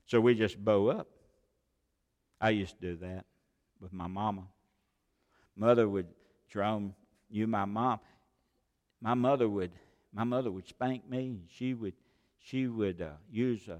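A man preaching a sermon as pastor, swinging between loud exhortation and hushed asides with many rhetorical questions. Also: on the low side, steady tone, unhurried, pauses often. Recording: long hall reverb of a large sanctuary.

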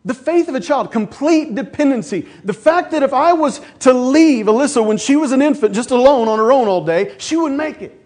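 A man's voice: extremely high pitch, brisk, hardly any pauses. A middle-aged male pastor preaching a sermon, telling stories and acting out voices along the way. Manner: storytelling, animated, acts out quoted voices.

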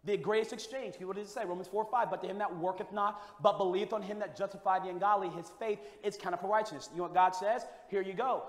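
A man preaching a revival sermon, dropping to a hush and then rising to shouts. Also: sits high, fairly even intonation, fast talker, hardly any pauses. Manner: swings from hushed to shouting. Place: church sanctuary. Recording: echoey hall with long reverb.

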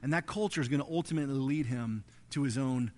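A man's voice: medium pitch, fast, darkish tone. A male pastor preaching a sermon in a church, telling the story in a conversational, emphatic way. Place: church before a congregation.

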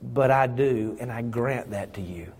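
A man voicing a loving bridegroom, speaking softly and reassuringly. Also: measured pace, breathy edge, big-room sound. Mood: tender. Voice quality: soft, low, reassuring.

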